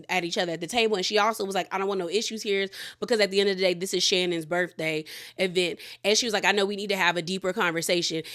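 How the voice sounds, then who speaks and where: A woman giving a chatty, gossipy recap of a reality TV episode, acting out the cast's lines as she retells them. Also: mid-range voice. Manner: chatty, gossipy, animated retelling with quoted voices. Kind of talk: casual recap commentary.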